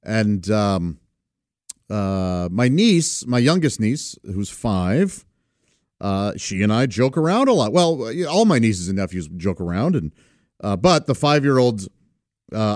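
A middle-aged man telling a casual family story, halting with many "uh" fillers and frequent chuckles. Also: lowish voice, very animated, a little mellow, dry recording, clean studio sound. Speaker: vlogger.

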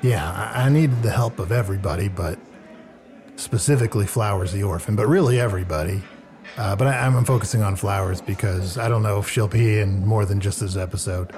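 Man, low voice, improv player, exasperated schemer, faint music behind. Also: brisk, a little mellow. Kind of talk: improvised role-play.

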